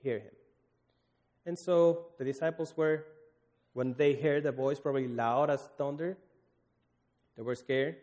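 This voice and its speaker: Earnest preacher in an echoing hall. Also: male voice, on the high side, steady tone, measured pace, long pauses, a little mellow. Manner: earnest, pleading, with many restarts and fillers. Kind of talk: sermon. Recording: long hall reverb.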